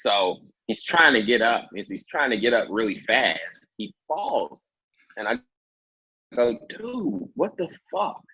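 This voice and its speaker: Male comedian guest, deep raspy voice, animated storyteller, lo-fi audio. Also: a little slow, dry recording. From Indianapolis, Indiana. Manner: animated storyteller, acts out quotes in a much higher voice. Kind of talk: casual interview storytelling.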